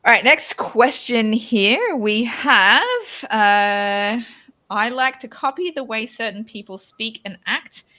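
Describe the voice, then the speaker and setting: A woman's voice: on the high side, lively intonation, takes it slowly, pushed and bright. An Australian woman hosting a casual chat, talking loosely with many restarts and laughing often. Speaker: podcast host.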